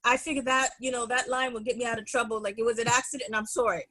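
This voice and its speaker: A middle-aged woman, a podcast guest, telling school stories in an animated, laughing way. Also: on the high side, rapid-fire. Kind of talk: storytelling in a podcast interview.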